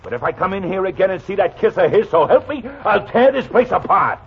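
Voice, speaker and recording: An actor playing a menacing, bossy gangster in a 1940s radio drama, with tough slangy threats. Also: male voice, high-pitched, sing-song, brisk, slight background noise. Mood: threatening. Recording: lo-fi old radio broadcast, phone-thin.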